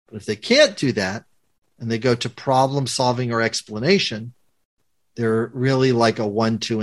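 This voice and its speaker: A man explains a conflict method to a guest in the manner of a coach. His voice sits at an ordinary middle pitch, and he slips into short acted-out quotes as he teaches. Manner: animated teacher, acts out quoted lines.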